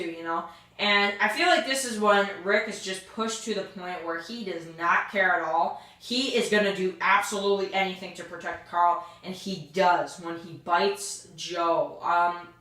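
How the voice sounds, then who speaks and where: A woman's voice: on the low side, fairly bright tone. Rambling woman recapping in an echoey room. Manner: rambling, full of "you know" and "um" fillers; acts out characters' lines in quick asides. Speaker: TV episode reviewer. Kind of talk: casual spoken recap and review.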